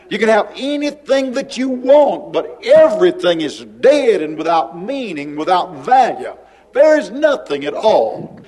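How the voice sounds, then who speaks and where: A man preaching a sermon, slow and dramatic, telling of his own spiritual ordeal. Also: low-quality recording. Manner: slow, dramatic preaching with sweeping pitch swings.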